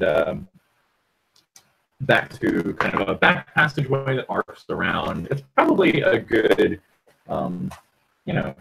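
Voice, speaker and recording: Man game master, gravelly and husky, halting narration full of ums. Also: low-pitched, a bit bright, rough recording. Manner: halting, lots of ums and uhs.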